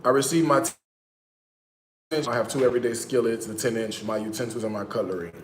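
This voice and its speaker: A man's voice: medium pitch, brisk, echoey room, slight background noise, natural voice. A man mimicking a chirpy adult male influencer who calls everyone possum, in a sing-song, breezy way.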